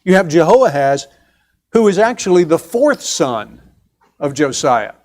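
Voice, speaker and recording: Guy teaching sunday bible class at church, voice a bit on the high side, chatty, asks the class stuff, restarts a lot. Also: very animated, a little mellow. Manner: conversational, explains step by step with pauses and restarts.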